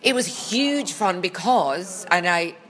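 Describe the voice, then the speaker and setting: Bright-voiced Scottish woman telling stories. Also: lowish voice, expressive, slow pace. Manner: chatty, dry teasing humour, rambling asides. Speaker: podcast guest, former children's TV presenter. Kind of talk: casual comic chat.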